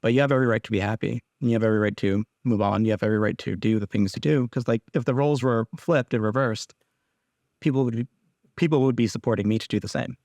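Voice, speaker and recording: A young man speaks straight to his podcast listeners in a medium-pitched voice, rambling and restarting as he goes, with blunt, casual swearing. The recording is dry and close, with little room sound. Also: a little mellow, dry recording. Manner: rambling, halting, restarts often. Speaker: podcast host. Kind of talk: candid personal podcast monologue.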